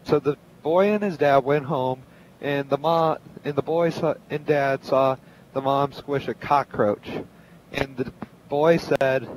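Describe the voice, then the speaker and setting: A man's voice: mid-range voice, steady tone, a little hiss or hum, poor audio. A man in a game voice chat, telling a joke in a storytelling way with small stumbles. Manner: storytelling, slightly halting. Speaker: player in voice chat.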